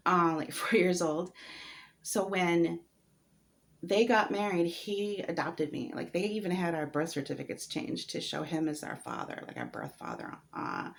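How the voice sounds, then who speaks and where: A woman's voice: sits low, gravelly. A woman telling her own story in a vlog, hesitant and candid, with many fillers and some laughs. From United States. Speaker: vlogger.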